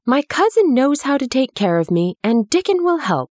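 A woman reading a storybook, voicing a sickly, imperious young boy who speaks in a commanding, excitable way. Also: high-pitched, moderate pace, no room sound, studio quality, voice pushed up.

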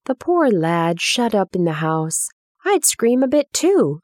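A woman's voice: medium pitch, very animated, takes it slowly, darkish tone, dry recording, clean studio sound, pitched above the performer's own voice. A woman voicing a kind, cheerful country boy with an easygoing, homely way of talking. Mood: warm.

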